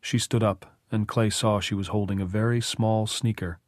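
A man narrating an audiobook in measured, even storytelling. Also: fairly low pitch, no room sound, studio quality. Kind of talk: scripted narration.

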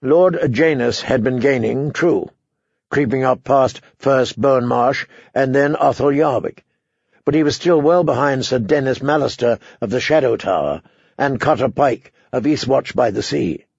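Gravelly male audiobook narrator. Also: mid-range voice, measured pace, no echo. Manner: steady storytelling, voices characters. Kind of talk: scripted narration. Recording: dry, slightly dull recording.

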